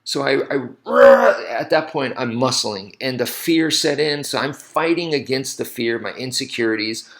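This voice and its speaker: A man's voice: medium pitch, animated, a little slow, hardly any pauses, fairly bright tone. A man casually telling a story to camera, rambling and correcting himself often with lots of "you know" asides. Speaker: martial arts instructor.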